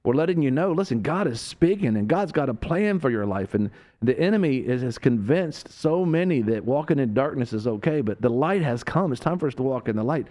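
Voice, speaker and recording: A man's voice: mid-range voice, expressive, a little fast, few pauses, mellow. Preaching male talk radio host. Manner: preacherly, rising to emphatic peaks.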